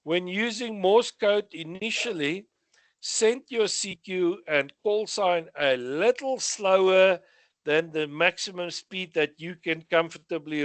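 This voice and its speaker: A man's voice: high-pitched, a bit bright, dry recording. A man with a South African accent going over radio exam questions, reading each question and then giving the answer with short asides. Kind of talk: exam revision lesson.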